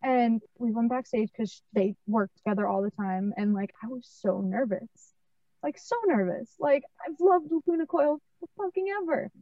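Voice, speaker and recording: A candid woman speaks as an interview guest, with a fairly high voice and casual swearing. The sound is dry and dull, and she is a little off-mic. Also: lively intonation, normal speed, no room sound, distant mic. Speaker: guest, model and advocate.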